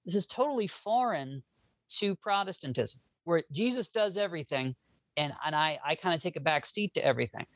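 A man speaking as a guest historian in a casual interview, animated and joking, often restarting his sentences. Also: a little high, a little fast, dry recording.

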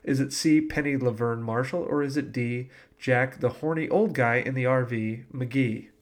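A man's voice: mid-range voice, moderate pace. Laughing male podcast host. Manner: laughs often, joking. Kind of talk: casual podcast chat and quiz hosting.

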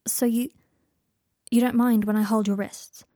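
A woman's voice: fairly high pitch, flat delivery, a little slow, mellow, no echo, studio quality. A woman voicing an earnest, intense young man.

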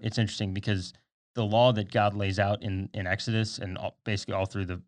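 A young man in his twenties, a podcast co-host in a studio, chatting casually about faith and explaining at length with side notes. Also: fairly low pitch.

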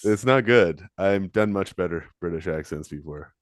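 A low-voiced man trading deadpan, mock-serious remarks in a casual podcast. His voice sits close and dry on the mic, without any room echo. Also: moderate pace. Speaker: podcast co-host. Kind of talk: casual chat.

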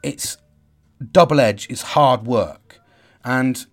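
A middle-aged man speaks straight to his audience in a raw, unscripted video diary. His voice sits at an ordinary middle pitch, and he talks in an emotional, halting way, stumbling over repeated words and swearing as he goes. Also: animated, faint music behind. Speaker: father talking to his audience.

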